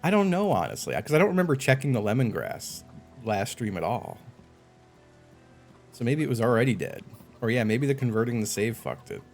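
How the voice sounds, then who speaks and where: Male streamer, casual live chat, lively swooping pitch, curses freely, faint background music. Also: brisk. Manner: animated, swearing, exasperated outbursts.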